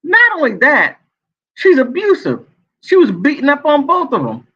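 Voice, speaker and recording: High, animated man dishing gossip. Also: normal speed. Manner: sassy, animated, laughs often. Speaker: celebrity gossip vlogger. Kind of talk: casual commentary. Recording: dull lo-fi sound.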